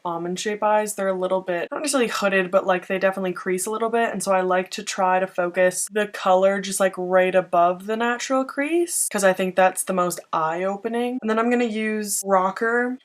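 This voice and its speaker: A woman's voice: mid-range voice, steady tone, a little fast, few pauses. A young woman with a mid-range voice chats through a makeup tutorial. She walks through each step and pokes fun at herself in little asides. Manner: chatty, self-mocking asides. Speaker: beauty vlogger.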